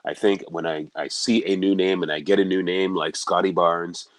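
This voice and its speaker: Deep-voiced man, dry close sound. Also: normal speed, no room sound. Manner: animated, bursts into announcer calls. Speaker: PA announcer. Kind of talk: podcast interview.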